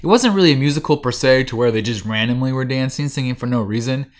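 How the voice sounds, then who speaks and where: Brief: male podcast host, middle-pitched voice, loose rambling recap with lots of "like". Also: fast talker. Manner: rambling recap with many fillers and restarts. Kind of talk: casual chat.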